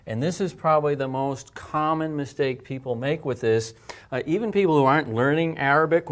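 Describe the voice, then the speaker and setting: A man in the middle of an alphabet lesson, explaining handwriting and sounds at an even pace. He goes step by step, patient and clear, and breathes the sounds out aloud to demonstrate them. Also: mid-range voice. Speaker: language teacher.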